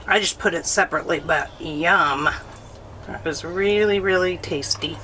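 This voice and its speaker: A woman vlogger chatting casually outdoors at a campsite, with quick exclamations, recorded on a phone camera. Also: on the low side, sharp tone, a little hiss or hum, low-quality recording. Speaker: vlog host. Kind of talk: casual chat. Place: outdoors at a campground.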